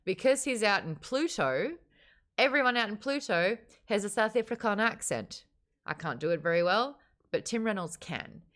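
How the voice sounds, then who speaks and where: Animated woman hosting a book club. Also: mid-range voice, moderate pace. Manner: animated, swears freely, laughs often. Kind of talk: casual chat.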